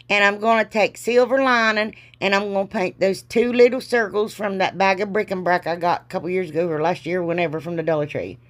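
A woman's voice: mid-range voice, fairly bright tone. Chatty woman with a sore throat. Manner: chatty, rambling, self-deprecating. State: sore throat, frequent throat clearing. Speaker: DIY crafter. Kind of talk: casual craft tutorial voice-over.

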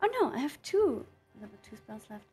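Female player with a high, animated voice, eager and quick to giggle. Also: slightly rough, faint music behind. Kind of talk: casual tabletop play.

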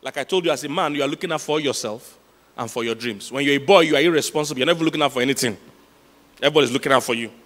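Male pastor, mid-pitched voice, emphatic repeated lines, long church-hall reverb. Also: racing, a bit bright. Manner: storytelling with laughs, emphatic repetition. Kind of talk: sermon.

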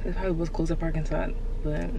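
A woman's voice: deep voice, little pitch movement, fast, gravelly, noisy background. Chatty woman vlogging from her car. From Georgia, US. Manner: chatty, slangy, talks to viewers as "y'all" and "girl". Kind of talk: casual vlog chat to camera. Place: in a car, then walking outside. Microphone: handheld camera.

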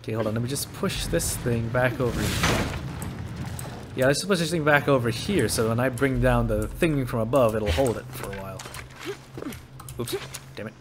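A man's voice: mid-range voice, normal speed, pauses often, background noise. A man doing casual gameplay commentary, thinking aloud, joking and cursing at the game. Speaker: let's play commentator. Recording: game music under voice.

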